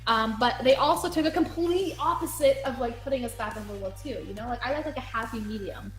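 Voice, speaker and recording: A woman's voice: on the high side, fast talker. A woman guest chatting casually about video games, full of "like" fillers. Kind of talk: casual gaming chat. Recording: echoey room with faint music.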